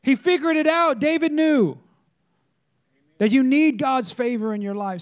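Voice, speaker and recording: High-voiced preaching man. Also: measured pace, long pauses. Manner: emphatic preaching with repetitions and call-outs. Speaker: pastor. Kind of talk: sermon.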